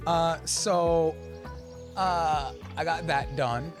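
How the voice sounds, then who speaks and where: A man's voice: fairly high pitch, drawn-out words. A young man casually commentating a game on stream, chatty and rambling, with game music behind.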